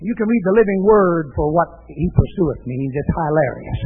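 A man preaching a fiery sermon, swinging between shouts and low growls. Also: animated, moderate pace, husky, faint music behind. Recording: tinny lo-fi phone-like recording.

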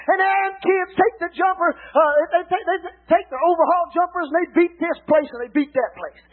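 A man preaching a revival sermon, mixing folksy stories with fervent shouting. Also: extremely high pitch. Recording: tinny phone-like lo-fi recording.

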